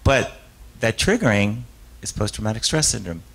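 A man's voice: fairly low pitch, sing-song, moderate pace, creaky, fairly bright tone, rough recording. Rambling, self-interrupting male hypnotist speaker. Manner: rambling, self-interrupting storyteller with frequent restarts and laughs; acts out quoted voices in his stories. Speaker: author giving a keynote talk; stage hypnotist. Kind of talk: live talk with audience questions.

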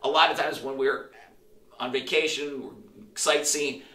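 Middle-aged male pastor, bright and forceful. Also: medium pitch, a little slow. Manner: animated storyteller who acts out quotes and restarts phrases. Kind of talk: sermon storytelling. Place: church sanctuary. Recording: roomy echo, voice from a distance.

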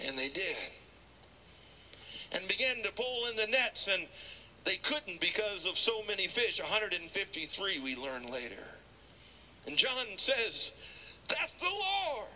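Male preacher, high bright voice, acts out bible scenes, goes whispery sometimes. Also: unhurried, long pauses, slight background noise, rough recording. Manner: animated, acts out scripture dialogue, drops to a whisper at times. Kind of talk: sermon.

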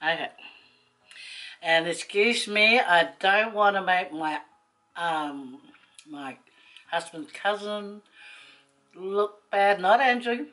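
A woman, a vlogger telling a rambling personal story to camera, chatty and quick to laugh. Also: mid-range voice, animated, bright, forceful tone, faint music behind, low-quality recording.

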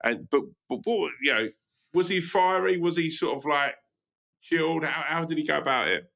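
Interviewer: man with a bright, crisp voice, casual and quick to laugh. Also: on the high side, animated. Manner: asks loose questions, laughs a lot. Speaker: podcast co-host.

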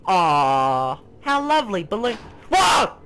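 A young man hosting his gaming channel, swearing, yelping and shouting through excitable gameplay commentary. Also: high-pitched, slow, background noise. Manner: swears a lot, yelps and shouts.

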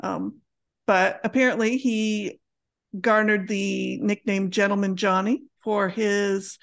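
A middle-aged woman co-hosting a family history podcast, talking in a relaxed, meandering way with many fillers. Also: medium pitch, slow pace, vocal fry. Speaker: podcast co-host. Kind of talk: casual chat.

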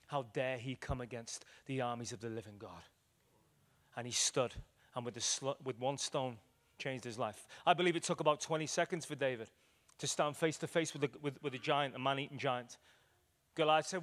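A male evangelist preaching a sermon, telling stories with acted quotes and swinging between loud declarations and hushed moments. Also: mid-range voice, fairly quick. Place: church hall.

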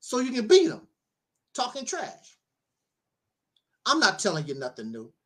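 A man's voice: extremely high pitch, measured pace. A middle-aged man, a minister, giving a casual spoken monologue, telling stories with frequent laughter and preachy asides. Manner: animated storyteller, laughs often, preachy asides.

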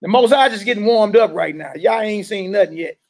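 This man's voice sits high and sounds creaky, and he talks fairly quickly. He's preaching a street-style sermon to a gathered room, urging and questioning his listeners directly in an emphatic call and response.

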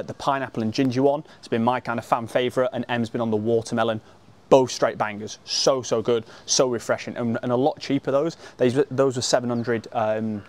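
A young man talks to camera about his travels, in a breezy, slangy, upbeat way. His voice sits at a middle pitch, and he is outdoors on location by the sea. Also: a little mellow. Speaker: travel vlogger. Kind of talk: casual travel vlog. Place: outdoors by a beach.

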